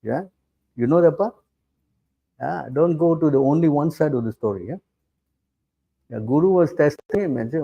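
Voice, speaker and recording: A man's voice: a little high, normal speed, gravelly, long pauses, dull audio. A middle-aged man giving a scripture class as a preacher, challenging his listeners and often asking rhetorical questions. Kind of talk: sermon.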